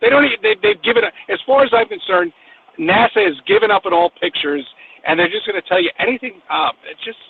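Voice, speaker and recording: A man with a New York accent, his voice high and gravelly, swinging up and down as he rambles and swears with emphasis. His voice comes through a thin, phone-like line with a faint hiss behind it. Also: huge pitch swings, quick pace. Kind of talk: casual online conversation.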